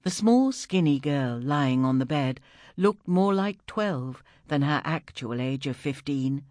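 An audiobook narrator reading a story in a steady, even storytelling manner. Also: medium pitch, takes it slowly, no echo.

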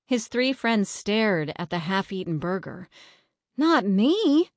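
A woman narrating a children's story in a steady reading voice. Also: medium pitch, measured pace, dry recording, studio quality.

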